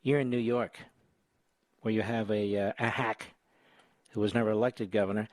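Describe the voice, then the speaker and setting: A man's voice: on the low side, steady tone, normal speed, a little mellow, no echo. A man in his sixties with an American accent, hosting a talk radio show, sarcastic and mocking, working himself up into angry rants. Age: 60s. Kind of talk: combative talk radio monologue. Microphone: studio microphone.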